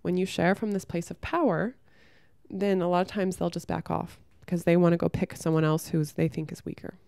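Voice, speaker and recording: A young woman talking frankly to camera, giving relationship advice and telling a story from her own life with lively acted-out quotes and some swearing. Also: on the low side, brisk, gravelly, no room sound. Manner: frank and blunt, swears freely; lively storyteller who acts out the people she quotes. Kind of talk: casual advice monologue with storytelling.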